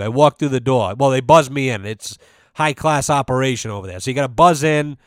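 A man's voice: medium pitch, moderate pace, clear, resonant tone, dry recording. Profane rambling New man. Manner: profane, rambling, restarts often. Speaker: podcast host. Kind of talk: casual storytelling. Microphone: studio mic.

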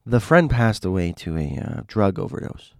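A man telling a personal story in a rambling, animated monologue with frequent restarts. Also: deep voice, moderate pace, vocal fry, no echo, studio quality. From Miami.

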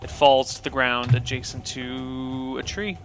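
A man acting as game master, narrating scenes and calling for dice rolls in a relaxed, descriptive way. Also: mid-range voice, soft background music. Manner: descriptive, unhurried scene-setting.

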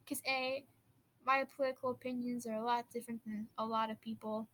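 A woman's voice: fairly high pitch, normal speed, fairly bright tone, a little hiss or hum, poor audio. Bubbly fifteen-year-old Wisconsin girl podcasting. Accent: Upper Midwest American. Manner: bubbly, giggly, rambling with restarts. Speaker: podcast host. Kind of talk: casual teen podcast chat.

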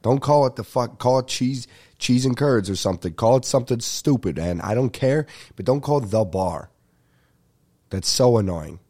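A young man, telling a comic story as a podcast host in an animated, profane rant. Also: medium pitch, moderate pace. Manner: animated ranting with frequent profanity. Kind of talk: ranting comedic storytelling.

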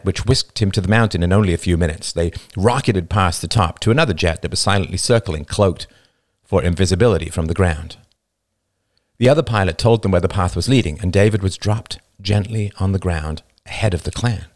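A man reads an audiobook in a measured, soft-spoken manner. His voice is very low. The recording is close and dry. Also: no echo. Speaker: narrator. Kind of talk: audiobook narration.

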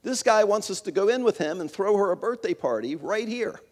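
A gruff diner cook, as a man puts him on shouts toward the back room. The voice is pushed high and loud. A long hall reverb trails each line. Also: expressive, a little fast. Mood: excited.

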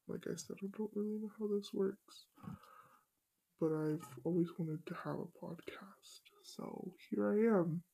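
A woman's voice, altered by a voice changer, drags along slowly and sounds gravelly. She hosts a casual solo podcast in a shy, halting way and fills her pauses. The recording has glitches. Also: on the low side, mellow. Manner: shy, hesitant, halting with many fillers. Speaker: podcast host.

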